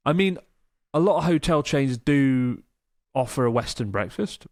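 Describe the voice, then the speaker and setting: A man's voice: mid-range voice, expressive, moderate pace, a little mellow, no echo, studio quality. A man co-hosting a casual podcast, reading out listener emails and chatting enthusiastically, swearing casually now and then.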